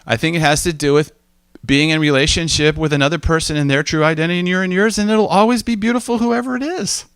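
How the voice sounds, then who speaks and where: A man's voice: on the high side, fairly even intonation, fast, fairly bright tone, clear, resonant tone, no echo. Conversational man, dry close sound. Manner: conversational, storytelling, acts out quoted voices. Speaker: speaker giving a talk. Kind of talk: informal teaching talk.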